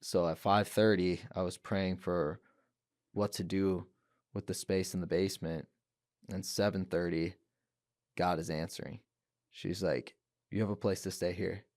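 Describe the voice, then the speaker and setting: A man's voice: low voice, steady tone, unhurried, pauses often, a little mellow, no echo, studio quality. A young man telling his story as a podcast guest, earnest, with restarts and quoted words. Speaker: guest, professional fighter. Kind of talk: emotional personal testimony. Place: podcast studio.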